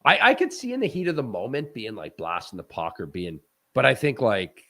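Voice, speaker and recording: A man, a former hockey goaltender, talking hockey in a loose, animated way with frequent restarts and laughs. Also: medium pitch, brisk. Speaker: former goaltender, guest analyst. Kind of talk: casual post-game chat.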